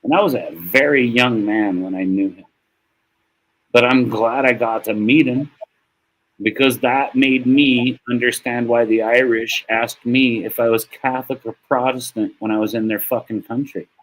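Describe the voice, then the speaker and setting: A man's voice: medium pitch, fairly even intonation, normal speed, rough recording. An American man streaming to his viewers in a casual, rambling monologue that is heartfelt and profane, with laughs. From United States.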